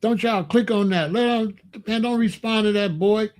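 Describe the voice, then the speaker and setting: Man, high-pitched voice, angry blunt livestream rant, slangy and repetitive. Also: normal speed, a little mellow. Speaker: commentary channel host.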